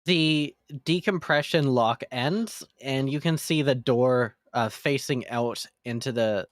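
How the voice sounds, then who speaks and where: Calm, descriptive dungeon master man. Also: mid-range voice, takes it slowly, no echo, studio quality. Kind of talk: narrating a tabletop game.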